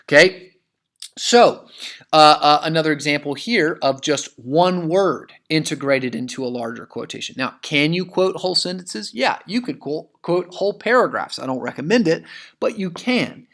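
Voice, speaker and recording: A man with a fairly high voice teaches an English lesson, walking through a sample essay. He explains patiently, stopping often on "uh" and restarting his sentences, and he reads quotations out with their commas and quote marks. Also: expressive, normal speed, fairly bright tone. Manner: explanatory, many fillers and restarts, reads quotes with punctuation aloud.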